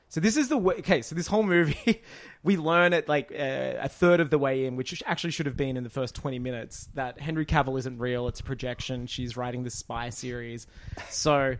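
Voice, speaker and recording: A man co-hosting a podcast, in casual chat, retelling a film in an animated, exasperated way with rambling asides. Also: medium pitch. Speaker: podcast co-host.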